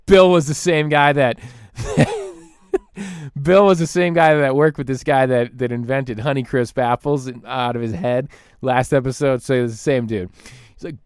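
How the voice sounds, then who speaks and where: A man hosting a podcast, delivering an excitable, rambling comedic rant and laughing often at his own tangents. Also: medium pitch, unhurried, clean tone, no room sound, clean studio sound. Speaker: podcast host.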